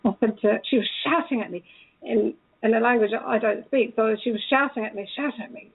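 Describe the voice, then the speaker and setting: Husky woman on a phone line. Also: a little high. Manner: animated, acts out quoted dialogue. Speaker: speaker recounting a police encounter. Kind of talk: casual storytelling.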